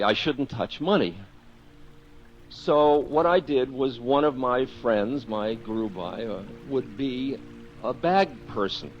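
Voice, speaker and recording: Man, spiritual teacher, candid self-mocking storytelling, mid-pitched voice, dull lo-fi sound, faint music behind.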